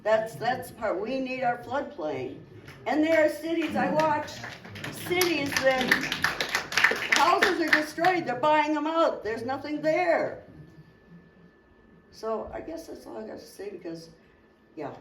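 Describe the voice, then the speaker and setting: A woman's voice: high-pitched, animated, slow, long pauses, a bit bright. A woman in her late sixties, a local resident rambling frankly and plainly at a community meeting. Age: 60s. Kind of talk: unscripted public comment. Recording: roomy hall, distant mic, faint noise.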